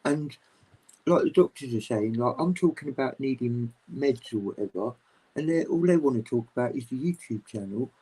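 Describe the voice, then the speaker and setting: A man chatting casually as a guest on a livestream video call, rambling, open and animated. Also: medium pitch, moderate pace, slightly rough, rough recording. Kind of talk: casual chat.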